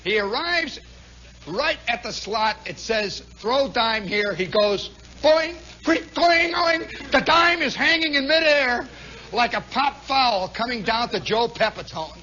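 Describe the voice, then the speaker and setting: Radio guy spinning a funny yarn live at a club, high bright voice, muffled old 60s broadcast sound. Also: takes it slowly, slight background noise. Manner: animated, chuckling, conversational with many asides. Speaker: radio host. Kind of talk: live comic storytelling monologue. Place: nightclub.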